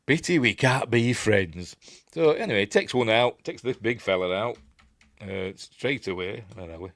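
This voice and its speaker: A middle-aged Yorkshire man talks his way through a film in a loose, rambling commentary, correcting himself and wandering off into asides. His voice sits fairly low. The recording is close and dry, with no room sound. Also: animated, normal speed, creaky, a bit bright, dry recording. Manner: rambling, chatty, self-correcting with many asides. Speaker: film reviewer and host. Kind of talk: casual running commentary over a film.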